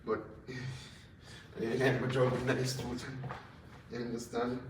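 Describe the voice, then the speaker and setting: A man's voice: medium pitch, monotone, slow, long pauses, far from the mic. A man chats loosely to his live-stream viewers, circling back and repeating himself as he goes. His voice sits a little back from the microphone in an echoing indoor room. A faint hum of ambience runs underneath. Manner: rambling, repeats words, talks straight to viewers. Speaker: livestream host. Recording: roomy sound from off-mic, faint ambience.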